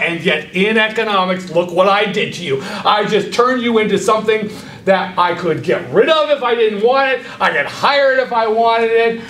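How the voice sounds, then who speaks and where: A male professor gives an impassioned lecture in a fairly high voice, challenging his students directly with pointed rhetorical questions. He is picked up from a distance in a reverberant classroom with a faint hum of room noise behind him. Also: fairly bright tone. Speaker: economics lecturer. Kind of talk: university lecture.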